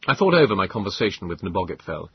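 A man narrates a story in the first person, his low voice rough and husky. His delivery moves lively through a wide pitch range. The recording sounds dull and dry. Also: quick pace. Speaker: audiobook narrator.

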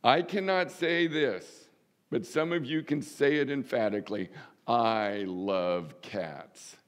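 An older man preaching a sermon as pastor, folksy and humorous, with sudden lifts in pitch for emphasis. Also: expressive, moderate pace.

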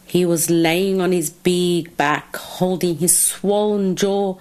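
A woman reading a children's story aloud with slow, expressive, drawn-out phrasing. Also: lowish voice.

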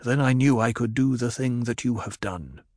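A man's voice: mid-range voice, normal speed, no room sound, clean studio sound, lightly acted. A man doing a weak, visionary young man. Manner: weak but steady.

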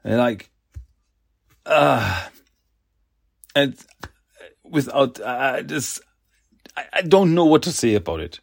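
Podcast guy retelling a comic, slow and halting, lots of uh and like, mid-pitched voice. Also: sing-song, gravelly. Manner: slow, halting, many fillers and restarts. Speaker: podcast host. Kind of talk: casual comic book recap.

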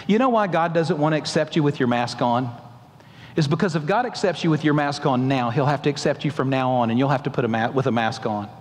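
A male pastor preaching a sermon, asking the congregation emphatic questions and acting out the voices in a story. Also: mid-range voice. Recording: long hall reverb.

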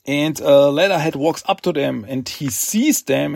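A man hosting a podcast, recapping a comic book in a rambling, halting way with fillers. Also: fairly high pitch, vocal fry, warm tone, no room sound, clean studio sound. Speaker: podcast host.

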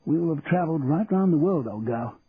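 A man voicing a dry, affectionate upper-class English gentleman, over a tinny line with faint hiss. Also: on the high side, lively intonation, fairly quick. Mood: fond.

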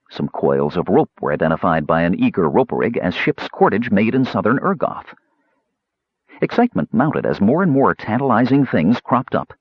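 Man narrator, husky, low voice, very animated pitch, measured storytelling, dull lo-fi audio. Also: no echo. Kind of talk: scripted narration.

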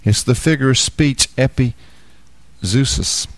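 A man giving a sermon, explaining scripture with homely examples and rising into loud, fervent preaching. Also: slow. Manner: builds to loud, high-pitched fervent preaching. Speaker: Bible teacher.

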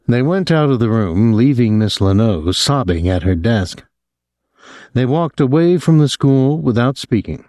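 A man reading an audiobook novel in steady, measured scripted narration. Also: mid-range voice, no echo, clean studio sound.

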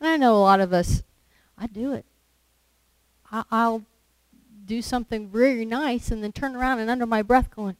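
A woman's voice: fairly high pitch, moderate pace, smooth, no echo, rough recording. A woman preaching a sermon in a conversational way, asking the listeners questions and acting out little quotes. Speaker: lay preacher.

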